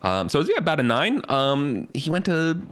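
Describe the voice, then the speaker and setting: A man's voice: fairly high pitch, sing-song, moderate pace, fairly bright tone. A man playing in a tabletop game, talking casually in a rambling way with many fillers. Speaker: player.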